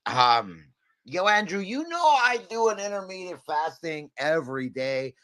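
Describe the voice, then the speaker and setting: A man's voice: high-pitched, very animated, unhurried, bright, forceful tone. A man co-hosting a casual livestream chat, rambling through jokey banter. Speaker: co-host.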